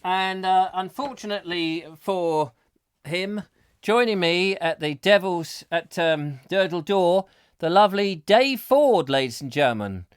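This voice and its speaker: A man's voice: high voice, lively intonation, a little slow, smooth, no room sound. Man, live comedy host, rambling banter, dry close sound. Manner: jokey, rambling, self-mocking. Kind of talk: comic live chat show.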